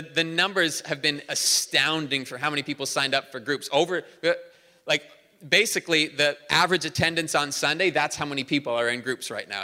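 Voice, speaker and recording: A man preaching a sermon in a church, energetic and conversational, with humor. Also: fairly high pitch, big-room sound. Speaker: pastor. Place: church auditorium.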